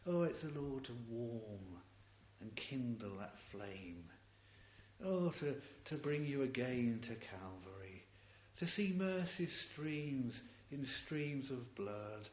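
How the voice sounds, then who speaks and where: A man preaching a sermon in a church, impassioned and halting, often repeating words as he builds his points. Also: mid-range voice, expressive. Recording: dull, hissy, roomy old tape recording.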